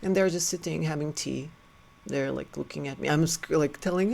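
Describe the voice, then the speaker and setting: A man telling a personal story in an earnest, halting way, often restarting his sentences. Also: fairly high pitch, vocal fry, darkish tone, a little hiss or hum. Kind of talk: personal story told to camera.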